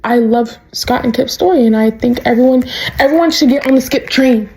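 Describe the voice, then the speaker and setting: A young woman vlogging in an excitable, chatty way, with frequent laughs and plenty of "like" and "bro." Her voice sits a bit high with a mellow, warm tone. She keeps to a casual, talking-to-a-friend delivery. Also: fairly quick, vocal fry, poor audio. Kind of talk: casual chat, recapping a show.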